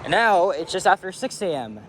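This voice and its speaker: A man chats loosely as he walks through a city street at dawn, rambling, full of fillers and casual swearing. His voice sits a little high. He is picked up by a handheld camera mic, with faint traffic and street noise behind him. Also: big pitch swings, a little fast, a bit bright. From Canada. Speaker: walking vlogger. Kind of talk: casual walking commentary.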